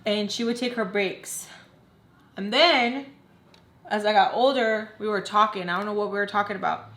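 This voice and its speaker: A woman's voice: mid-range voice, moderate pace, a bit bright. A young adult woman vlogger telling a personal story in a candid, emotional way, with lots of "like". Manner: candid, heavy use of "like". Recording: roomy echo.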